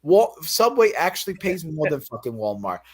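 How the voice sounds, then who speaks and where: A man's voice: fairly high pitch, very animated, moderate pace, breathy edge. A man ranting on a livestream about being fired as a cashier, profane and acting out the voices of the people he quotes. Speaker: fired store cashier telling his story.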